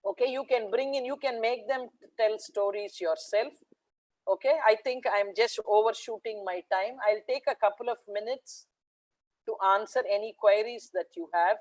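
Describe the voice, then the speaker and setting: A woman, a math educator telling a lively story to teachers in a video call webinar. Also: on the high side, normal speed, rough recording. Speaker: guest speaker, math educator.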